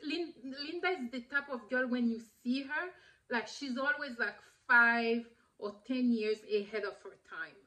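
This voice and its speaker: A woman in her thirties whose first language is French, telling a personal story in a lively way, with many fillers and bursts of laughter. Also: fairly high pitch, unhurried. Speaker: vlogger. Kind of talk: casual storytelling.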